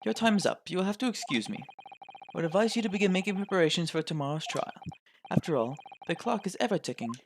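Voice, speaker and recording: A man's voice: high-pitched, lively intonation, quick pace, slight background noise, pitched above the performer's own voice. A man playing a stately, formal British lord. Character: composed aristocratic British lord, older man.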